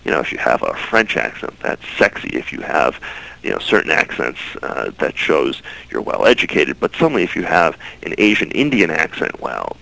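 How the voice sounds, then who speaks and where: Earnest male interview guest, gravelly and animated. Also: very deep voice, moderate pace, low-quality recording. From United States. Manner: earnest, repeats words when starting phrases. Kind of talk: interview answers.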